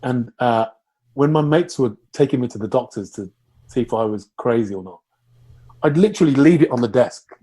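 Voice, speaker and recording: A middle-aged man, appearing as a guest, tells wild stories candidly in conversation, animated and laughing through his anecdotes while swearing and restarting often. His voice is medium-pitched, brisk and slightly rough.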